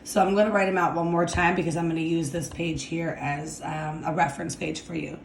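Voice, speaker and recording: A woman's voice: sits low, flat delivery, vocal fry, roomy sound, a little hiss or hum. A woman teaching a Spanish grammar lesson, explaining step by step and often checking in with "okay?" while she writes. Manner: slow, deliberate, repeats "okay?" to check understanding.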